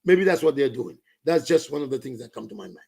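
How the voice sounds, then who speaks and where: Fast and gravelly, yet a little mellow and husky, a Saint Lucian commentator's medium-pitched voice swings widely in pitch. He rants impassionedly about politics, dropping into Creole and French.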